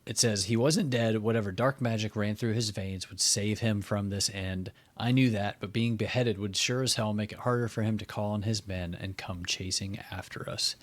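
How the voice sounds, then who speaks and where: A man co-hosting a casual book club podcast who reads passages aloud and breaks into excited outbursts. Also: lowish voice, moderate pace, few pauses, no echo. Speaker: podcast co-host.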